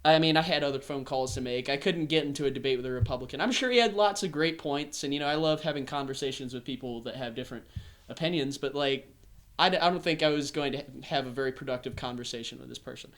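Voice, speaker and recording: A young man from the American South hosting a podcast, telling a story in a casual, animated way. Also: medium pitch, quick pace. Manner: animated storyteller, acts out voices. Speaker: podcast host. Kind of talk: casual chat.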